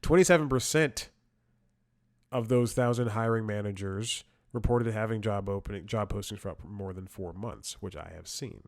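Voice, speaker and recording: A man with a fairly low voice talks through a comic monologue, circling back and restarting his sentences as he goes. He throws in mocking, sarcastic asides. The sound is dry and close, with no room echo. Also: normal speed. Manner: rambling storytelling with frequent restarts and laughs. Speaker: comedy podcast host. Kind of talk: casual comedic monologue.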